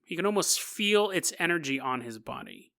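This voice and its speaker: A man's voice: on the high side, very animated, moderate pace, creaky, bright, forceful tone. A male podcast host retelling a strange story in a comedic way, full of jokey asides and chuckles. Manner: jokey asides, laughs through the telling.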